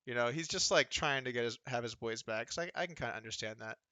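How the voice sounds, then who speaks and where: Streaming online poker from home, a man chats casually in a mid-range voice that is quick, bright and forceful, with no echo. He rambles, stays sardonic, and mocks other people with impressions.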